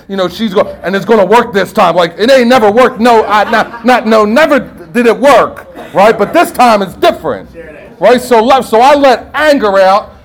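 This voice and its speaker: A man's voice: extremely high pitch, normal speed, low-quality recording. A man giving a personal share at a recovery meeting, streetwise and profane, telling his story with lots of "right?" and acting out the voices in his head. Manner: animated storytelling that acts out inner voices. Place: meeting room with listeners.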